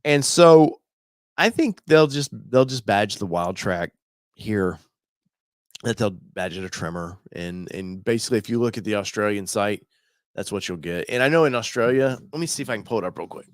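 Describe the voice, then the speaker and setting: A man's voice: on the low side, animated, normal speed, no room sound, clean studio sound. A man hosting an automotive channel, talking casually and thinking aloud while he browses a website, with many fillers and restarts.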